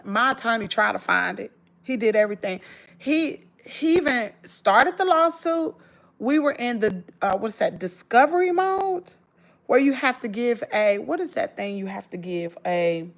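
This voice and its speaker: A woman's voice: fairly high pitch, fairly bright tone. Emphatic Southern woman telling a story. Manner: emphatic, colloquial, rambling with restarts. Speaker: vlogger. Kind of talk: emotional storytime to viewers.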